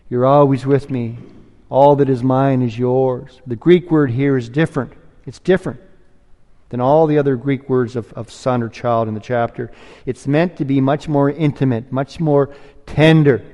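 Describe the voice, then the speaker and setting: A man's voice: mid-range voice, darkish tone, big-room sound. A man preaching a sermon, earnest and pleading, rising to emphatic peaks.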